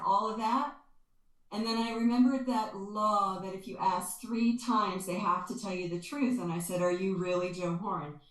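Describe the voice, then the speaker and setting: Expressive woman healer in an echoey room. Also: lowish voice. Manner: earnest and expressive, stresses words by repeating them. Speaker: guest, spiritual energy healer. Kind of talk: conversational interview, explaining and storytelling.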